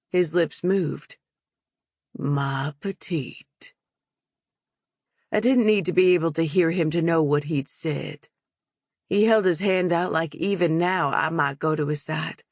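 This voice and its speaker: Woman reading a romance audiobook, slow and calm, dry close-mic sound. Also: low voice, no room sound. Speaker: audiobook narrator. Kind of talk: first-person audiobook narration.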